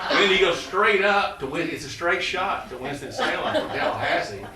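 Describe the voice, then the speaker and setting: A man's voice: on the high side, lively intonation, normal speed, crowd noise. A man in his sixties, a college president, telling rambling stories to an audience with many fillers. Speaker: college president giving a talk. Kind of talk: storytelling talk to an audience. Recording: echoey room, distant mic, faint noise.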